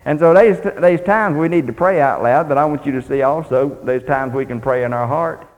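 A man's voice: on the high side, normal speed, narrow, tinny audio. A man preaching a sermon in a folksy, plainspoken way, reading scripture aloud. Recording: long hall reverb.

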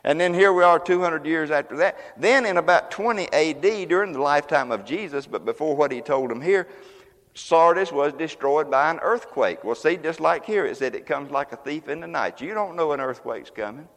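A man preaching a sermon as pastor, folksy and conversational, now and then breaking into loud exclamations. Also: on the high side, lively intonation, moderate pace, long reverb tail. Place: church sanctuary.

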